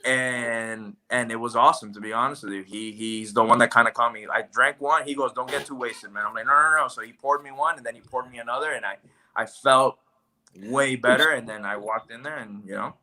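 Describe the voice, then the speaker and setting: Brisk and medium-pitched, a man appears as a guest on a casual podcast, narrating a story. He animates it by performing the many quotes himself.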